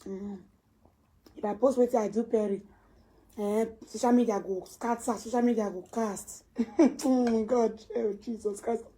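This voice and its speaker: A woman vlogger with a Nigerian Pidgin accent, ranting on camera and swinging from low muttering to loud, high scolding. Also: steady tone, a little slow. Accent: Nigerian Pidgin English. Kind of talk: casual ranting vlog.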